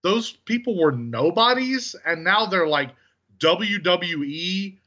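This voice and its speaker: A man's voice: high voice, lively intonation, slow, pushed and bright. An English man co-hosting a podcast, chatting casually with rambling asides. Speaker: podcast co-host. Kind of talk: casual chat. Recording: dull lo-fi audio.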